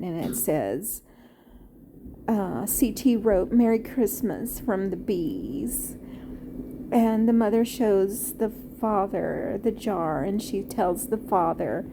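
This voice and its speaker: A woman and former teacher reviewing a film off the cuff, halting and heartfelt, with many fillers and restarts. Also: medium pitch, background noise. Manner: tender, heartfelt.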